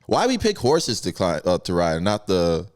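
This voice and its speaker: A man's voice: low voice, huge pitch swings, normal speed. A man hosting a podcast in casual chat, asking loose questions and bantering. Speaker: podcast host.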